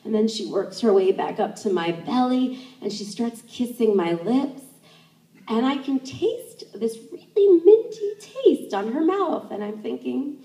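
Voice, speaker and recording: Animated woman telling a story, roomy. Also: a little slow. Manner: animated, acts out her own inner thoughts in jumps of pitch. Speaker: sex educator. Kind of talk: live first-person storytelling. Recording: roomy, distant stage mic.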